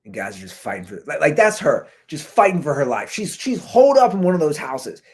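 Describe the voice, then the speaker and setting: A man's voice: on the high side, big pitch swings, brisk, breathy edge. A man in his thirties hosting his own podcast, ranting casually about a viral video and often saying "dude" and "man". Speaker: podcast host. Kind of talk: ranting commentary. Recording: recorded through a computer mic.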